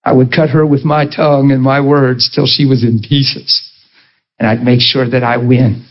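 A man preaching a sermon, telling a personal story with passion and a voice that swings high and low. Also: little pitch movement, normal speed, dull audio.

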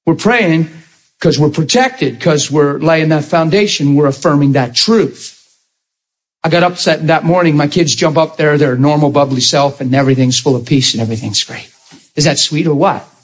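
A man preaching a sermon, telling a story in an animated way and speaking directly to his congregation. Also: a little high, slightly rough.

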